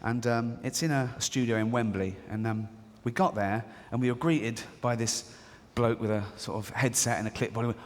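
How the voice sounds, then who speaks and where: A man's voice: mid-range voice, fairly quick, hardly any pauses. A man doing live stand-up, chatty and storytelling, slipping into the voices of people in his anecdotes. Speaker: stand-up comedian. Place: large theatre stage. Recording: live hall reverb with faint audience ambience.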